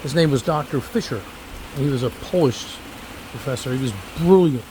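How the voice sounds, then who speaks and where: A man's voice: medium pitch, normal speed, darkish tone, slight background noise, rough recording. A man in his seventies, a former teacher, chatting casually and rambling off on tangents while he picks figs outdoors. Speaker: fig grower and former teacher. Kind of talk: casual garden vlog. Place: outdoors among fig trees.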